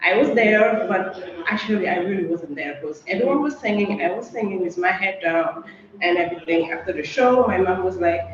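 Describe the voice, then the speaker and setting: A young woman from Senegal performing a personal story on stage, animated and acting out the voices of the people in it. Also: lowish voice, fairly quick. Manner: lively, acts out quoted voices and sings short snippets. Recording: very echoey, dull lo-fi sound with faint noise.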